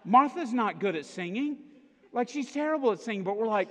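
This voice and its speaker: A man's voice: very high voice, expressive, brisk. An American man preaching a casual sermon, joking with the congregation and often checking in with "okay?" and "right?". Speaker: pastor. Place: church auditorium. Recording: echoey hall reverb.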